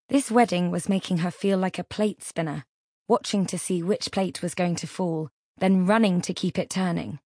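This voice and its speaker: A woman narrates an audiobook in a measured, expressive storytelling style, reading from a script. Her voice sits on the low side, and the clean studio recording has no echo.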